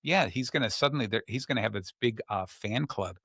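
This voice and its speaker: A man hosting a podcast, calmly explaining advice and telling a story in a relaxed, conversational way. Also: lowish voice, fairly quick, no echo, clean studio sound. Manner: calm, explanatory, tells stories. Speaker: podcast host. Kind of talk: casual coaching talk.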